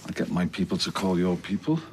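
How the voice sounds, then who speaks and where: An actor playing a smooth, joking businessman. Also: low voice, expressive, a little fast. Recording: noisy TV drama audio.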